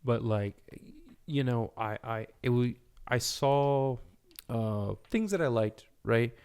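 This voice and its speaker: A man's voice: mid-range voice, slow pace, a little mellow, smooth. A man chatting as a podcast guest, rambling with many restarts and fillers. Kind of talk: casual chat.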